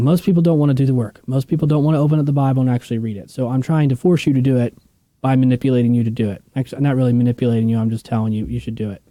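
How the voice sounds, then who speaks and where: A man's voice: medium pitch, warm tone, no echo. A man teaching a Bible study in a casual, emphatic, conversational way, often checking in with his listeners.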